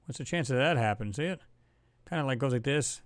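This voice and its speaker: Excitable man hosting a livestream. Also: mid-range voice, fast, no echo. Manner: excitable, talks to chat viewers, reads their comments aloud. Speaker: livestream host. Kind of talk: casual livestream commentary on photos.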